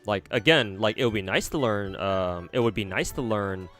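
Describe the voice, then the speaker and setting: Guy streaming, kinda low voice, rambles with ums and restarts, faint music behind. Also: normal speed, a bit bright. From United States. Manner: rambling, many fillers and restarts. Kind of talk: casual chat answering viewers.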